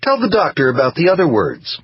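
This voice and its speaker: A man's voice: a little high, huge pitch swings, brisk, slightly rough, dry recording, muffled recording, voice pushed up, full character voice. A man voicing a thin, cheerful wife whose sweet manner hides bitterness, in a read-aloud story. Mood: sweetly cheerful. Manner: sweetly cheerful, gently pushy.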